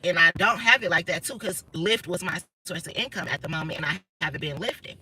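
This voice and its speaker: Her voice is on the low side, brisk, bright and forceful, picked up on a rough recording with slight background noise. She's a woman in her 30s in a car, swearing and telling stories bluntly and emphatically on a casual livestream.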